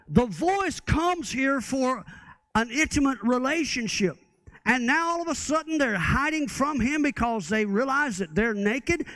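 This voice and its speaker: A man's voice: very high-pitched, fairly bright tone, dry recording. A man preaching a sermon as pastor, often asking the congregation rhetorical questions.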